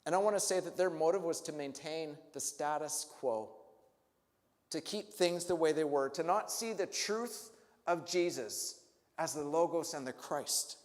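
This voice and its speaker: A man's voice: on the high side, measured pace, in a large hall. A male pastor preaching a sermon, asking the congregation reflective questions and rising to emphatic peaks. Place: church sanctuary.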